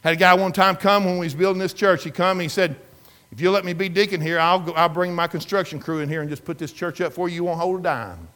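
A man's voice: high-pitched, fast, fairly bright tone. A man preaching a sermon as pastor, telling a story with emphatic, repetitive delivery. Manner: emphatic storytelling preacher, repeats words, rises and falls in intensity.

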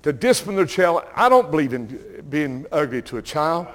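An older man with a Southern US accent, preaching and telling folksy, animated stories while calling out to the congregation. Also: on the high side, normal speed, slight background noise. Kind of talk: sermon storytelling.

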